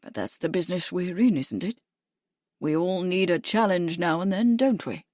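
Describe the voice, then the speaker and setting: A woman's voice: lowish voice, expressive, normal speed, a little mellow, no echo, clean studio sound. A woman doing an ingratiating fat racing manager. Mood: smooth, soothing. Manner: affably ingratiating. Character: fat, jovial middle-aged male racing manager, ingratiating.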